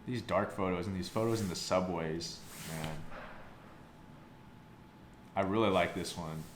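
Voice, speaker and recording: A man's voice: low-pitched, a little slow. A young man casually reviewing a photobook, rambling and swearing, with lots of "like". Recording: roomy sound with faint background noise.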